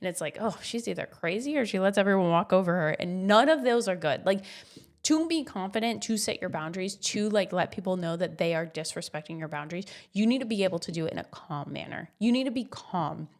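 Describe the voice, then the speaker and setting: A woman's voice: fairly low pitch, expressive, fairly quick. A woman in her thirties hosting a casual motivational podcast, blunt and swearing freely with pep-talk energy. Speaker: podcast host.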